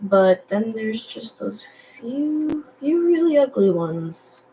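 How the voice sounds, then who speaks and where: A young woman chatting casually while she draws, rambling with lots of fillers and self-deprecating asides, in a low morning voice. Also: very animated, takes it slowly, warm tone, slight background noise, rough recording. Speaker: digital artist vlogger. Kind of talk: casual chat while drawing.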